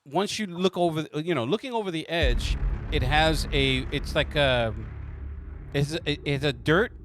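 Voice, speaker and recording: A man narrating as game master of a tabletop game, halting and full of restarts. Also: a little high, a bit bright, slight background noise.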